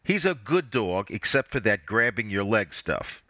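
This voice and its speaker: A man voicing an older man who gently and regretfully gives up his dog, in a story reading. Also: on the low side, sing-song, unhurried, no room sound, full character voice.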